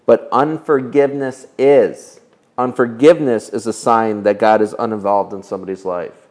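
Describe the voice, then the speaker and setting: A man's voice: fairly low pitch, fairly even intonation, moderate pace, darkish tone. A man preaching a sermon, earnest and emphatic, asking his listeners rhetorical questions. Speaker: pastor.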